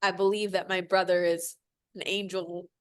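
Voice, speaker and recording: A woman's voice: fairly low pitch, moderate pace, smooth. Woman in her forties gushing emotionally. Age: 40s. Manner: emotional storytelling, gushing and animated, acts out what others said. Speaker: podcast guest. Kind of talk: casual chat.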